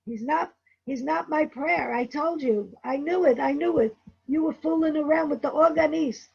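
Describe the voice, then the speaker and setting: A woman's voice: high voice, lively intonation, a little slow, creaky, breathy edge, lo-fi sound, full character voice. A woman reading out the accusing lines of a bitter, jealous husband from a novel.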